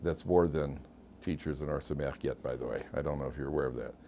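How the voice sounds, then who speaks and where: An older male rabbi lectures with a low, deep voice, weaving self-deprecating anecdotes into his teaching. His humor is dry, and his stories run long and loose. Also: quick pace, gravelly, mellow, a little hiss or hum.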